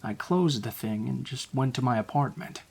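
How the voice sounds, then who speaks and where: A man narrating true horror stories in a calm, low-key scripted reading. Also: normal speed, gravelly, breathy edge.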